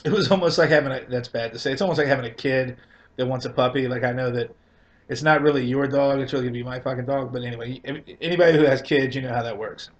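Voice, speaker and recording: A man's voice: medium pitch, quick pace, lo-fi sound. A man telling a long casual comic rant about his life, loose and profane, laughing between lines. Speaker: comedian telling a story.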